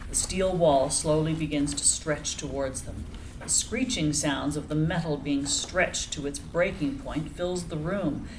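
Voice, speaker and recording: A woman narrating the action lines of a screenplay reading in an even, descriptive way. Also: deep voice, slight background noise, poor audio.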